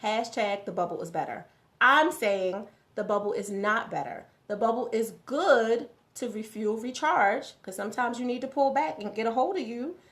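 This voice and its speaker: Hosting a morning motivational live stream, a woman with a fairly bright, higher-pitched voice chats conversationally. She leans on repeated phrases for emphasis and replies to viewer comments in real time.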